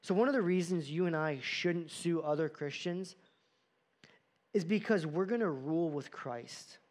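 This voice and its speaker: A man's voice: fairly high pitch, measured pace. A man preaching a sermon as a pastor, earnest and direct, asking the congregation rhetorical questions and acting out short quotes.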